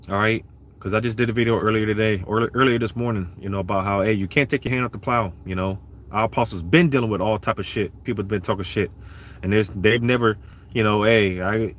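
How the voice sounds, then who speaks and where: A man, ranting emphatically in an unscripted sermon and reading scripture between profane asides. His voice sits at a middling pitch for a man. A faint hum of vehicle noise runs under the recording. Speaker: street preacher.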